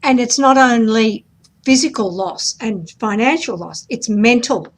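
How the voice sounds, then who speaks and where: A woman's voice: fairly high pitch, expressive, measured pace, background noise. A woman hosting an interview, reflecting on the guest's story and affirming it. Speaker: host. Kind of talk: interview conversation.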